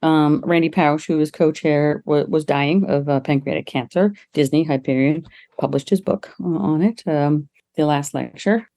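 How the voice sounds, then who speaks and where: A middle-aged woman, a guest on an interview podcast, telling lively stories and laughing often as she talks. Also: moderate pace. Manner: lively, acts out quoted people with jumps in pitch. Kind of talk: casual interview storytelling.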